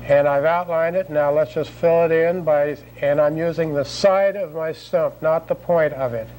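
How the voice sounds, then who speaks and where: A man teaching a drawing lesson, talking through every stroke in a calm, repetitive way. His voice sits a little high for a man. A faint hiss of background noise runs under the recording. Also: normal speed, rough recording. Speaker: drawing instructor. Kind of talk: step-by-step art demonstration.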